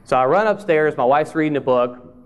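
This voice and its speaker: Presenting at a conference hall, this speech-language pathologist shares a funny anecdote with conversational, self-deprecating storytelling. His voice is a little high, clear, and resonant, and he speaks animatedly and briskly.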